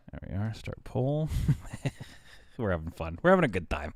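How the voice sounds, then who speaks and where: A man livestreaming a game, chatting casually with his audience, animated and quick to laugh. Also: deep voice, dry recording. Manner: chatty, talks to chat. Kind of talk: casual live game commentary.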